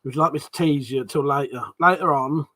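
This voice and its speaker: A man's voice: a little high, fairly quick, bright, forceful tone. A man hosting a casual livestream chat. He swears a lot and laughs often. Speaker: livestream host.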